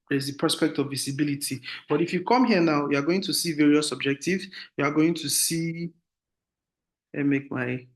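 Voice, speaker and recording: A man with a fairly high voice gives an online lesson over a video call. He walks through each point patiently, sharing his screen as he goes. He often pauses to ask the class if they understand. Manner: explanatory, often checks with "do you understand?". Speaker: marketing instructor.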